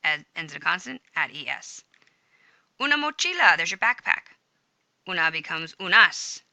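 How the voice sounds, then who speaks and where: Gravelly, bright woman teaching Spanish grammar. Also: on the low side, very animated, moderate pace, no room sound, rough recording. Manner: upbeat, chatty, self-correcting. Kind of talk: screen-recorded grammar lesson. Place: home room with a smart speaker.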